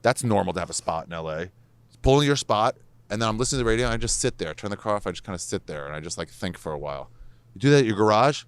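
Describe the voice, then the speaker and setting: A man's voice: fairly low pitch, lively intonation, clear, resonant tone, no room sound. A man, a comedian, swapping rambling, profane stories in casual chat on an outdoor deck. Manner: fast rambling anecdotes, frequent swearing. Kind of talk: casual chat while smoking cigars.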